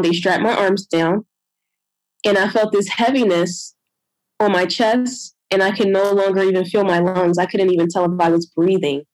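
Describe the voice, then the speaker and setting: A woman's voice: mid-range voice, a little mellow, no echo, poor audio. A young adult woman telling her own birth story in a conversation, emotional and retelling what others said. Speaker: guest sharing a birth story.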